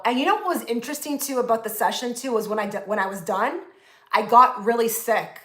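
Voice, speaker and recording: A woman talks loosely and at length to her live-stream viewers, full of fillers and restarts. Her voice is bright and sits a little high. The room around her is echoey. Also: fast. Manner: chatty, rambling, lots of "like" and restarts. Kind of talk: casual live-stream chat. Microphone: phone.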